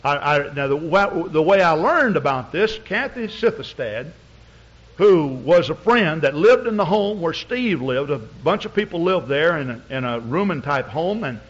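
A man's voice: on the high side, lively intonation, moderate pace. A man preaching as a pastor, telling a story in a folksy, rambling way with many fillers. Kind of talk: storytelling sermon. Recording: dull lo-fi recording.

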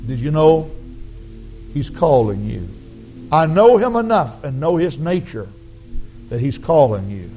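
A man preaching an altar call, his raspy voice earnestly pleading with the congregation to come forward. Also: fairly high pitch, very animated, unhurried, long pauses, warm tone, soft background music, rough recording. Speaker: pastor. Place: church sanctuary.

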